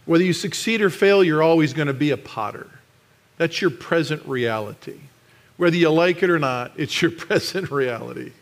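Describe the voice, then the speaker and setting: A middle-aged man preaching a sermon in church, animated and sometimes rising to a shout for emphasis. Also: a little high, moderate pace, gravelly. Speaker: pastor.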